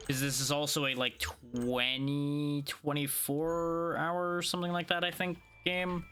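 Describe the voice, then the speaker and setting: A man's voice: a little high, level tone, unhurried, pushed and bright, clean tone, soft background music. A tired man streaming a video game, casually thinking aloud as he plays. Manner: laid-back, sleepy, thinking aloud. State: tired, yawning. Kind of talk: casual gameplay commentary.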